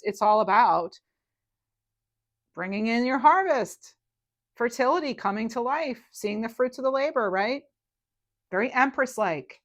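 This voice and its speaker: A woman giving a casual tarot reading to her viewers, chatty and reassuring, often checking in with "right?" and letting phrases trail off softly. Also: medium pitch. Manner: chatty and reassuring, with frequent "right?" and "you know". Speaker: tarot reader.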